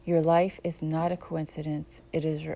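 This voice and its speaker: A woman who teaches yoga reads her own self-help book aloud. Her voice is low with a noticeable gravelly fry, and she speaks calmly and candidly. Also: moderate pace. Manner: calm, reflective, candid. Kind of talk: audiobook narration.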